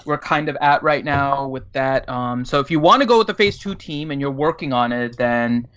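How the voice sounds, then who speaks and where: A man co-hosting a casual gaming chat, relaxed and agreeable as he weighs team options. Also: medium pitch, moderate pace, clear, resonant tone. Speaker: co-host. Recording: dull lo-fi audio.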